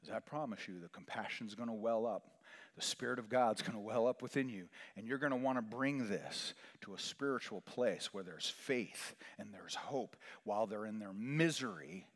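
A man preaching a sermon in a church sanctuary, his voice carrying a long reverb through the hall. He talks in a lively, animated way, pushing up loud and high for emphasis, then sinking to hushed, near-whispered lines. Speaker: chaplain.

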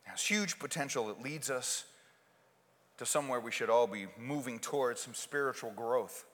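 A male pastor preaching a sermon, shifting between loud, forceful outbursts and soft, quiet asides. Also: medium pitch, normal speed, in a large hall.

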